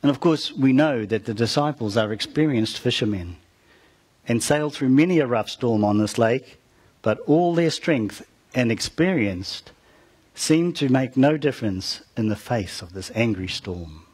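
Man, preacher, husky voice, storytelling sermon, calls out to congregation. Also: mid-range voice, expressive, measured pace, darkish tone. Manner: retells a story with call-outs to the congregation.

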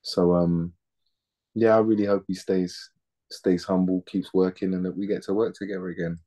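A man's voice: sits low, level tone, moderate pace, warm tone. A man in his thirties, an actor chatting casually in an interview, laid-back and slangy, often repeating words as he thinks.

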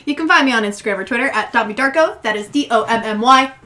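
A woman's voice: fairly high pitch, fast, pushed and bright. A young woman co-hosting a podcast, playful and teasing, cracking jokes in casual chat. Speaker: podcast co-host. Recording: audible background hiss.

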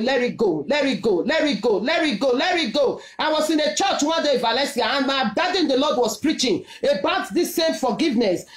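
Emphatic Nigerian woman preaching, lively pitch. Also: reverberant. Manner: emphatic, repetitive exhortation in Pidgin-laced English. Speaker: prophetess preaching. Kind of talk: sermon with testimony.

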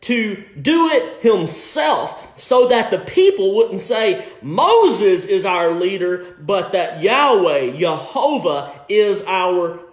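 A man preaching a sermon as a pastor, impassioned, with shouts and bursts of laughter. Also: high voice, very animated, takes it slowly, few pauses. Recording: echoey room.

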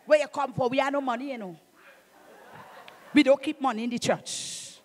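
A woman's voice: sits high, moderate pace, pauses often, a faint crowd. Fervent Trinidadian woman pastor preaching. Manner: fervent, emphatic preaching with call-outs and bursts of shouting. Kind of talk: sermon.

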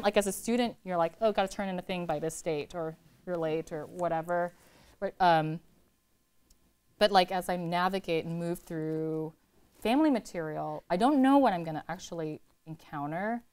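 A woman poet in her thirties, from California, answering audience questions in a chatty, animated way, laughing often and filling her talk with "like". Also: mid-range voice. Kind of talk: casual talk at a reading Q&A.

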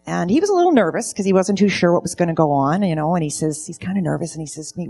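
A woman's voice: lowish voice, expressive, racing, creaky, few pauses, mellow, faint music behind. A middle-aged woman telling stand-up comedy stories on stage, in a dry storytelling way. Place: event stage.

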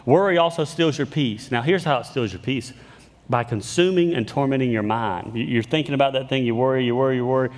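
Brisk and mid-range, a man preaches in a church sanctuary, telling stories with humor aimed at himself. He talks conversationally and keeps starting over, and the recording carries a long hall reverb.

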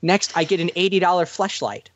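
A man's voice: high voice, fairly quick, muffled recording, slight background noise. A man hosting a casual podcast chat who stammers and repeats words as he starts a point, and sometimes reads forum posts aloud. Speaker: podcast host.

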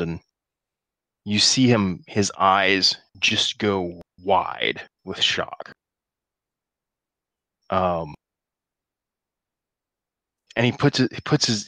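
A man with a fairly low voice narrates a tabletop game as game master. He talks in halting runs, restarting words and filling gaps with ums. The sound is dry and close. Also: fairly bright tone, no room sound. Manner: halting, many restarts and fillers. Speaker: dungeon master.

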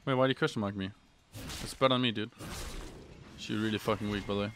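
A young man commentating his own gameplay on a live stream, swearing, trash-talking and yelling when excited. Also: lowish voice, quick pace, background noise. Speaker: gaming streamer.

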